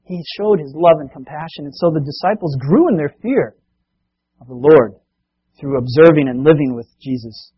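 A man preaching a sermon, telling a Bible story with animated delivery and acting out the voices of the people in it. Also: a little high, slightly rough, dull audio. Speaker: pastor.

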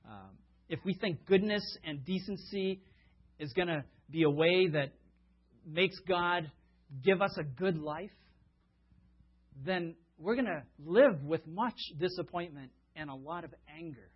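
Husky-voiced male preacher. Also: fairly high pitch, muffled recording. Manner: conversational, with fillers and rhetorical questions. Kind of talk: sermon with storytelling.

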